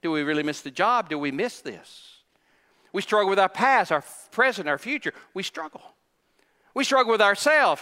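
A male pastor delivers a sermon with a high, bright voice that rings in the long reverb of a church hall. He hammers his points home through repetition and slips into the voices of the people he describes. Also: expressive, normal speed. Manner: preaches with emphatic repetition, acting out quoted voices.

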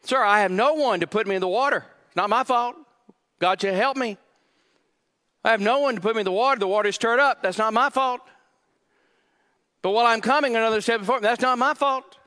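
A man voicing a self-pitying, defensive disabled man who blames everyone else, in a high, loud, whining voice. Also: a little fast, pauses often, big-room sound. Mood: complaining. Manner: whining, complaining, insistent.

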